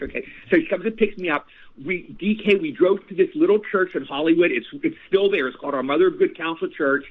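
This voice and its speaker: A man in his sixties, an actor guest telling stories in a casual interview, animated and repeating phrases. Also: on the high side, fast talker. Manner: animated, repeats phrases, addresses host by name. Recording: tinny phone line.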